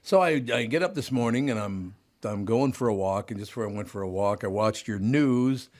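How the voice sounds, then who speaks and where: Man, radio show host, teasing, laughs often, casual banter, voice a bit higher from throat trouble. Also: brisk, darkish tone. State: voice higher than usual from lingering throat trouble.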